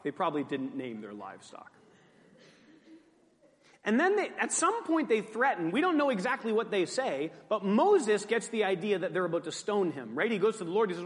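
A man's voice: high-pitched, big-room sound. A man preaching a sermon as pastor, conversational with joking asides.

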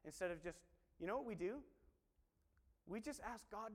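Male preacher, high animated voice that acts out dialogue, long hall reverb. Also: normal speed, long pauses. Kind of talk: sermon.

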